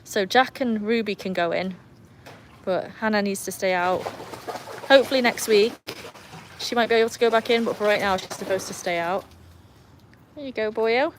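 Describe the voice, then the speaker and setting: Her voice is mid-pitched at a normal speed as this English livestream host chats casually by a backyard pool in the rain, greeting viewers and playfully scolding her dogs. It's recorded on a phone with a little hiss or hum, plus faint rain and outdoor ambience.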